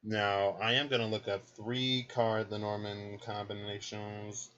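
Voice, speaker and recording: A man's voice: fairly low pitch, level tone, a little slow, fairly bright tone. A man giving a casual card reading, chatty and thinking aloud as he goes. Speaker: card reader. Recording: dull lo-fi recording.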